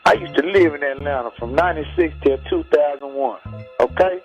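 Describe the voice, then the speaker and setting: Brief: high-voiced man, forceful and blunt, heard over a muffled archival phone line. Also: a little fast, faint music behind. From Texas. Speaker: rapper interviewed by phone. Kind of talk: heated radio phone interview.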